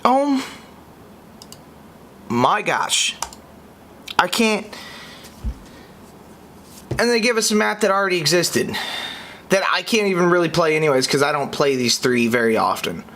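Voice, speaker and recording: Animated young man podcasting. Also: a little slow, long pauses, a little hiss or hum. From United States. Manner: exasperated, swinging between high outbursts and low muttering. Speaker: podcast host. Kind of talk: casual podcast reaction.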